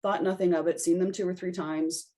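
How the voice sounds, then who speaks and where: Low-voiced woman telling a lively story. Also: fairly quick. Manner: animated storyteller acting out her own reactions. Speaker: podcast guest, intuitive reader. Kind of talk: storytelling in casual conversation.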